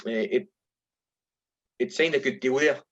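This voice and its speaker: A middle-aged Scottish man, a former footballer, telling lively anecdotes in a casual interview and acting out voices when he quotes people. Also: medium pitch, measured pace, muffled recording. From Scotland. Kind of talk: casual storytelling.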